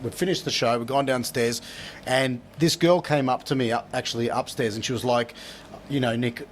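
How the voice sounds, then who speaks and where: A man's voice: medium pitch, fairly even intonation, moderate pace, a little hiss or hum. A man, blunt and swearing, telling a story in casual chat.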